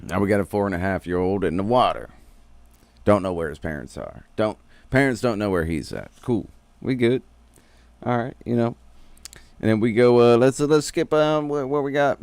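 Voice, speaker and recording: A man's voice: lowish voice, lively intonation, moderate pace, a little mellow, smooth, no room sound. A man streaming a casual, rambling recap of a cartoon episode, full of slang and swearing.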